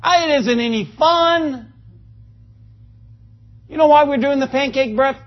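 A man's voice: extremely high pitch, unhurried, highs cut off. A man preaching a sermon, folksy and joking, asking the congregation for amens. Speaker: pastor. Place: church.

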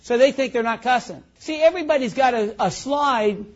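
A man's voice: very high-pitched, brisk, muffled recording. A man preaching a sermon in a folksy, conversational way, calling out to his congregation.

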